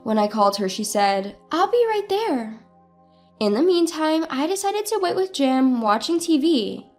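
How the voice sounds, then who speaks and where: A woman's voice: high-pitched, lively intonation, normal speed, faint music behind. A woman telling a first-person story in earnest, dramatic scripted narration.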